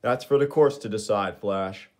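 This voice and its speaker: A man's voice: fairly low pitch, moderate pace, lightly acted. A man voicing a hard, blunt male government agent who threatens force in a comic read-aloud. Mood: threatening.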